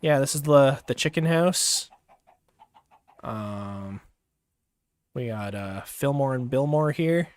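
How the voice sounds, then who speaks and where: A young man talking casually as he plays a game on a livestream, relaxed and rambling with many fillers and pauses. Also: mid-range voice, no echo. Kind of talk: casual gameplay commentary.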